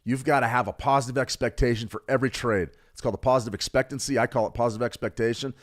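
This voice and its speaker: A man's voice: mid-range voice, fairly even intonation, very fast. A middle-aged man coaching traders in a live workshop, blunt and emphatic, repeating points for stress. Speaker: trading coach.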